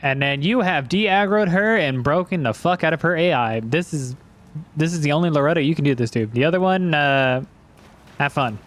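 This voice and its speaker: A man's voice: on the high side, normal speed, a bit bright. Rambling, profane young gamer guy. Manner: rambling and profane, breaks into silly voices. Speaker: gaming streamer. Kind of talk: casual let's-play commentary.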